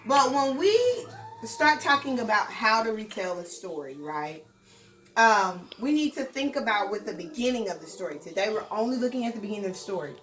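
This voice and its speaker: A woman's voice: medium pitch, very animated, a little fast, fairly bright tone, reverberant, distant mic, poor audio. A woman teaching a recorded lesson to young children in a sing-song, encouraging way, stressing words for emphasis.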